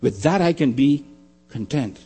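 A man preaching a sermon, emphatic and repetitive, often dropping to a quiet low. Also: animated, a little slow, slightly rough, faint music behind. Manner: emphatic, repeating phrases, dropping to quiet lows.

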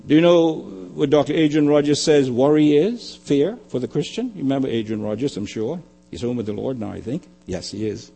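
An older male pastor preaching a sermon, building emphatically on repeated phrases and then dropping to quiet asides. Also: brisk, creaky, breathy edge. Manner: emphatic preaching, swelling louder and higher on key phrases.

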